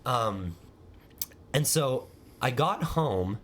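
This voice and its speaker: A man hosts a podcast in loose, casual chat. He tells stories about himself with animated, self-mocking energy and a middle-pitched voice. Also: extremely slow, a little hiss or hum. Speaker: podcast host.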